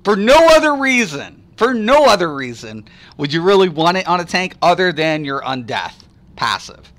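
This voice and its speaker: A man's voice: high-pitched, sing-song, normal speed, fairly bright tone. A man chatting casually on a live stream, answering viewers at length with rambling, profane rants and lots of fillers.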